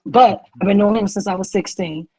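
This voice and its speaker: A woman's voice: mid-range voice, a little fast, darkish tone, breathy edge, no room sound. A woman talking animatedly in a casual group chat, swearing and laughing as she shares news.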